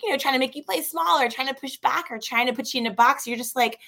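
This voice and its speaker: A woman in her thirties, a guest in a casual interview, telling stories in a lively way with quick asides. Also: high-pitched, creaky. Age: 30s.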